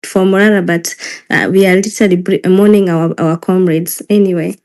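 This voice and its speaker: A woman's voice: lowish voice, fairly even intonation, brisk, darkish tone. A woman with a Kenyan accent moderating a live online discussion, insistent and emotional, mixing Swahili phrases into her English. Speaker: moderator of a live audio space.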